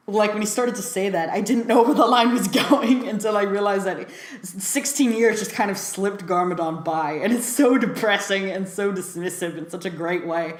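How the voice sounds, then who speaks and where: A woman's voice: mid-range voice, moderate pace, echoey room. A woman giving a casual film review, talking chattily with lots of fillers and frequent laughs.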